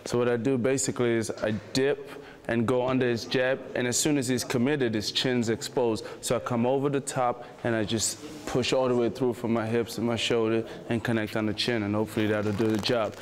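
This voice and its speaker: A man's voice: mid-range voice, little pitch movement, a little fast. A man, a professional boxer, casually explaining how he throws his punch in an easygoing way. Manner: easygoing, plain, says "basically" often. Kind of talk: casual demonstration.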